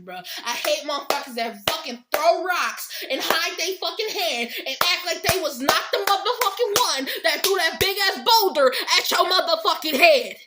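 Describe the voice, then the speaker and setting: A woman's voice: high-pitched, heavy background noise. A young woman in a heated motivational rant, blunt and profane, hammering home each point by repeating it with growing force. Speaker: vlogger giving life advice.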